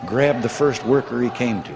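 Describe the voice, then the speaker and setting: An older American man telling humorous anecdotes in a folksy, unhurried way. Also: mid-range voice, gravelly, noisy background. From United States. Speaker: politician telling jokes.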